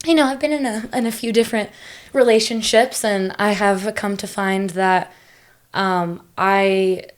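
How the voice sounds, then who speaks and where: A woman's voice: mid-range voice, steady tone, measured pace. Chatty young woman, rambling and open. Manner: chatty, many fillers and restarts. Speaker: podcast guest. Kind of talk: casual conversational interview.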